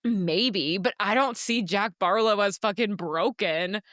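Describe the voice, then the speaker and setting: A young woman co-hosting a book podcast in casual chat, animated and swearing freely. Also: medium pitch, unhurried, no room sound, clean studio sound. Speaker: podcast co-host.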